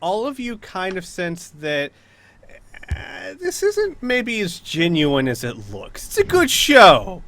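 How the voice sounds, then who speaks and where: A man's voice: sits high, huge pitch swings, slow pace, fairly bright tone, dry recording. A man running a tabletop game as game master, narrating with frequent hesitations and fillers.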